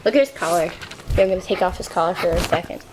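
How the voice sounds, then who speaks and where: A young woman filming a casual home video of her dog, giggling, cooing and scolding him. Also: rapid-fire. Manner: giggly, scolds and coos at her dog, goes shrill when excited. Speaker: dog owner vlogger. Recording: noisy home camera recording.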